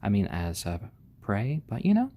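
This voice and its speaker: A man hosting a casual live stream, talking gently and fondly to his baby chicks and thanking viewers. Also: fairly low pitch, wildly swooping pitch, normal speed. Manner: gentle, doting, talks softly to the chicks.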